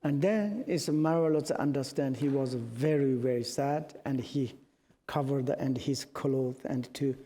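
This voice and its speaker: A man whose first language is Tibetan teaches as a Buddhist teacher, telling a story in halting English with many restarts. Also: mid-range voice, warm tone. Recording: long reverb of a large hall.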